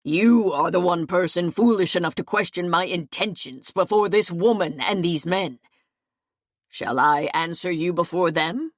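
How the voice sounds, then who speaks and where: A woman narrator voicing a stern, commanding medieval lord who speaks with measured, cold authority. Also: on the low side, no echo, clean studio sound.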